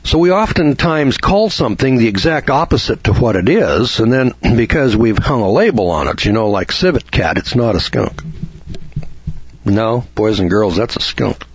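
A man's voice: medium pitch, big pitch swings, normal speed, few pauses, breathy edge, highs cut off. A middle-aged man, hosting a radio lecture, who talks in a folksy way and asks lots of rhetorical questions.

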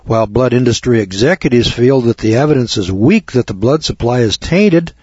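A man preaching a sermon in an indignant, mocking way, repeating words and clearing his throat. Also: medium pitch, lively intonation, brisk, darkish tone, no echo, muffled recording. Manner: indignant, mocking, rises to exclamations.

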